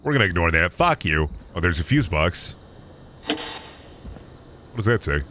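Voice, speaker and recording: A man's voice: deep voice, big pitch swings, brisk, heavy background noise. A young man streaming a game, chattering goofily and crudely to his chat. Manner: goofy, crude, talks to chat. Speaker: gaming streamer. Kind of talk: casual game commentary.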